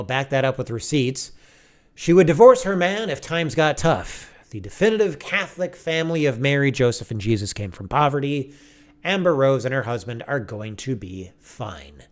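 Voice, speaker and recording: A man giving casual video commentary with an animated, sarcastic and preachy manner. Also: mid-range voice. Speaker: online commentator.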